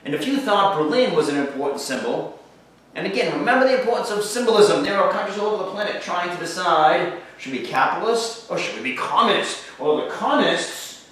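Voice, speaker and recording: A man teaching a history lecture, lively and sarcastic, talking straight to his class. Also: high voice, fairly quick. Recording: echoey room, far from mic.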